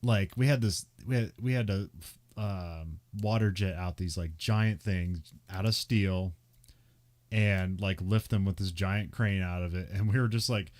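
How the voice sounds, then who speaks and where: A young man co-hosts a podcast in a low, darkish voice at a measured pace. The chat is casual, and he rambles with plenty of fillers and frequent laughter.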